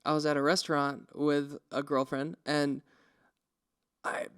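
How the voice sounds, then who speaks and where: Unhurried and clean in tone, his voice sits a little high. This young man co-hosts a podcast, telling casual stories with animation and voicing the quotes himself.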